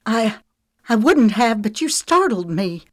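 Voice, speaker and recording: Woman doing flustered embarrassed girl, higher and louder, dry mic. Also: very animated, a little slow, dry recording. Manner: flustered, self-conscious. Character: flustered young woman hairstylist.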